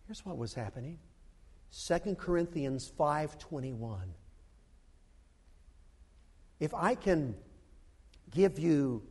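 An older man preaching a dramatic sermon who breaks into loud, shouted quotations. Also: mid-range voice, long reverb tail.

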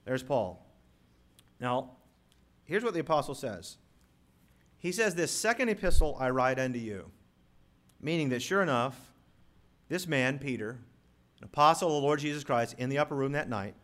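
A man pastor preaching a sermon, reading scripture slowly and swelling loudly on key words as he teaches his congregation. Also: medium pitch, animated. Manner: emphatic preacher, rising loud on key words, slows to read scripture. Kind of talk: sermon with live props.

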